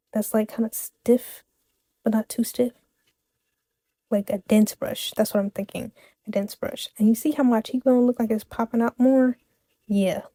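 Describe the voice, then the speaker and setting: A young woman gives a relaxed, chatty voice-over for a makeup tutorial. Her voice sits slightly high but sounds warm and mellow. She tosses in playful asides, corrects herself on the fly, and is recorded close and dry with no room sound. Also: no echo. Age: young adult. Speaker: makeup vlogger.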